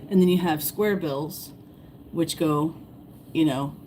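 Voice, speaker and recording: A woman hosting a casual fishing livestream, rambling and repeating herself, her voice going hoarse as she greets viewers. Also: low-pitched, slow pace, mellow, slight background noise, low-quality recording. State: losing her voice, clearing throat. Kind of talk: casual live-stream chat.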